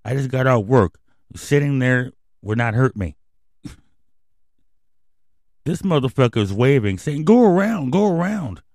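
On a radio show, a male host launches into a heated, angry rant, swearing constantly as he tells his story. His voice sits at medium pitch with a measured pace and frequent pauses, and there's no echo.

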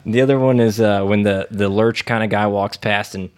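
A man's voice: on the low side, steady tone, moderate pace, a little mellow. A man co-hosting a casual chat, rambling with many fillers.

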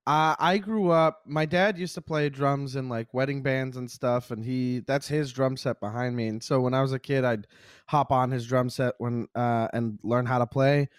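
A man who is a comedian and music producer, a guest on a podcast, telling stories in a relaxed, chatty way and acting out the lines of the people in them. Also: medium pitch, normal speed, clean tone, dry recording, studio quality. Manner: relaxed storyteller who acts out dialogue. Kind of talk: casual comedic chat.

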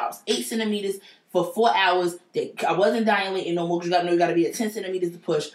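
A woman's voice: lowish voice, fairly even intonation, fast. A woman telling a personal story in a blunt, profane and emphatic casual way. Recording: roomy echo.

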